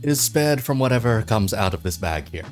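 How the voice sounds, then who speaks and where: A man with a low voice hosts a casual chat and walks his guest through the rules of a card game. He tends to repeat himself, and his intonation moves a lot. Faint music sits under the talk. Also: animated, moderate pace, darkish tone. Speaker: host.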